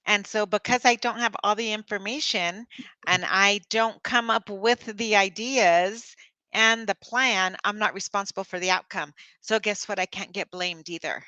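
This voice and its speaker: A woman's voice: mid-range voice, steady tone, moderate pace, pushed and bright, no room sound. A middle-aged woman presenting an online coaching workshop, talking conversationally with personal stories and filler words.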